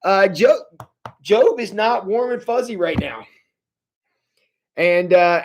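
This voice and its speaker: Man, pastor type, high voice, casual livestream teaching, restarts phrases often. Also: slow, pauses often. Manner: conversational, animated, repeats words when restarting; addresses viewers directly. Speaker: pastor leading a Bible study. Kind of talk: livestreamed Bible study teaching.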